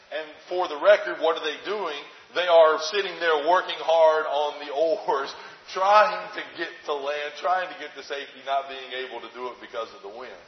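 Man, sermon, fairly high voice, conversational preacher, long hall reverb, dull lo-fi sound. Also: slight background noise. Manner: conversational, rhetorical questions, animated retelling.

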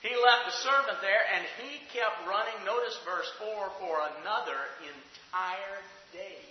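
A man preaching a sermon in a church, swinging between loud, dramatic outbursts and hushed, quiet passages. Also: sits high, unhurried, slight background noise. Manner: dramatic, rising to near shouts and dropping to hushed tones. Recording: echoey hall, muffled sound.

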